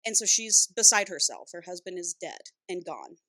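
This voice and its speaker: A woman's voice: fairly low pitch, dry recording. Giggly, gushing woman podcast host. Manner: gushing, laughs often, fast and excitable. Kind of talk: casual chat, retelling a novel.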